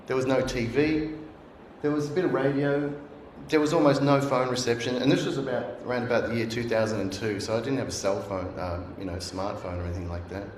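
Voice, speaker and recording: A man's voice: mid-range voice, steady tone, brisk, a little hiss or hum. Man telling a roomy sermon story. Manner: earnest storytelling, acts out remembered voices. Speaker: guest speaker. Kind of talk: sermon told as personal story. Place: church hall. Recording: roomy echo.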